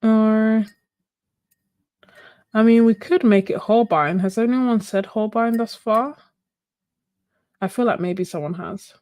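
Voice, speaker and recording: A woman's voice: fairly high pitch, slow pace, pauses often, darkish tone, no room sound, clean studio sound. Chatty woman hosting a livestream. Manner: chatty, laughs often, thinks aloud. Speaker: art channel host. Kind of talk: casual livestream chat.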